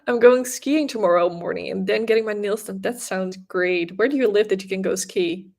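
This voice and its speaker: A young woman from the Netherlands with a Dutch accent, chatting casually on a knitting livestream and answering viewers' comments with quick restarts and soft laughs. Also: mid-range voice, creaky. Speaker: livestream host, knitting creator.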